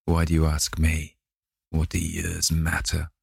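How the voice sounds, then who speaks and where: A man reading an audiobook, voicing a gruff vengeful sailor who speaks in slow, growling threats. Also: very deep voice, completely flat delivery, no echo, studio quality, heavily acted. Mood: menacing.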